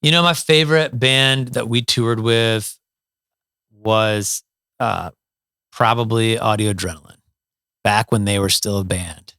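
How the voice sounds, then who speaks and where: Gravelly-voiced man telling road stories. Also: lowish voice, measured pace, long pauses, no echo, clean studio sound. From Toledo, Ohio, USA. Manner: animated storyteller, many fillers and restarts. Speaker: guest, musician. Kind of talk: storytelling in a casual interview.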